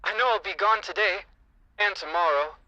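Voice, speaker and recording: A man's voice: sits high, normal speed, pushed and bright, dry recording, dull audio, voice pushed up. A man putting on a melodramatic old-movie voice, playing a sentimental man promising to return, with a theatrical drawl. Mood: tender.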